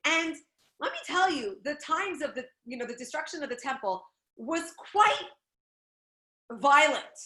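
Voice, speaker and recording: A woman giving a Torah class, telling the story with lively, expressive delivery and acting out the people she quotes. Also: high voice, unhurried, echoey room. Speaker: Torah teacher.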